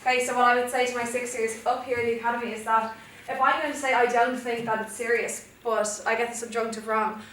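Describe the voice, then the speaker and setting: Irish woman teacher, fairly high voice, chatty step-by-step explaining, distant mic in a very echoey classroom. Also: fairly even intonation, quick pace, few pauses, fairly bright tone. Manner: chatty, explains step by step with frequent "okay?" checks. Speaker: Spanish teacher. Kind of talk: classroom revision lesson. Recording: echoey classroom from far off, faint noise.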